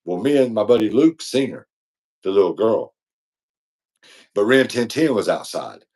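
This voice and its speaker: Man, podcast co-host, rambling slangy storyteller, lowish voice. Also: lively intonation, normal speed, darkish tone. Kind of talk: casual storytelling chat.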